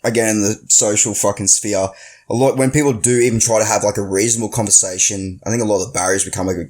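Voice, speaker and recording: A male podcast host with a fairly low voice asks his guest questions in a loose, conversational way. He swears in passing as he thinks aloud. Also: steady tone, fast, a little mellow. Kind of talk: casual podcast chat.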